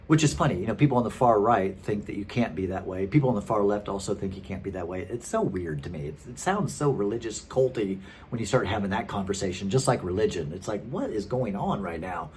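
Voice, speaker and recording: A man's voice: fairly low pitch, animated, fast talker, darkish tone, a little hiss or hum. A man in his thirties, a former pastor, telling his story casually and rambling with many fillers. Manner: chatty and rambling, many fillers and restarts, frequent laughs.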